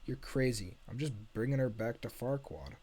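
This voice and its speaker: A man reading a script aloud and voicing a gruff, hesitant male ogre. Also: mid-range voice, moderate pace, dark tone, lightly acted. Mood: defensive. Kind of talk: amateur script read-aloud.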